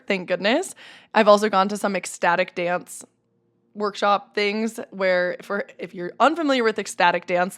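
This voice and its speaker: A young woman hosts her own podcast and rambles through a casual solo monologue. She sits at a middle pitch and speaks in an animated, chatty way. She laughs easily and drops in "like" all the time. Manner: chatty and animated, laughs often, many fillers like "like". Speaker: podcast host.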